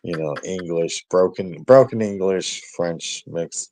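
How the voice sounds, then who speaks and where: Deep-voiced laid-back Southern man. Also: slow, crowd noise. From Kentucky. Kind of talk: casual chat.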